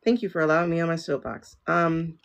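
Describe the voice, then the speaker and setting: A woman's voice: deep voice, fairly even intonation, brisk, vocal fry, dull audio. A woman hosting a spiritual livestream, chatting casually and talking straight to her viewers. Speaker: livestream host, tarot reader.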